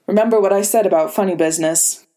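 A woman reads as a cold older male official, smug and condescending, his mid-pitched voice sliding along in a silky, measured way. He lectures and bargains without ever raising his voice. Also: warm tone, close to an everyday voice.

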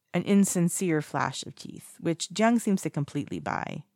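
A narrator reading a piece of fiction aloud in a steady, measured way. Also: medium pitch, vocal fry, no room sound, studio quality.

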